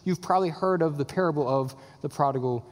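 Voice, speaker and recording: A young man, a worship leader, preaching a sermon in a church with an excited, chatty manner. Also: a little high, fast talker. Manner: enthusiastic, chatty, filler-heavy. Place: church sanctuary. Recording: long reverb of a church hall.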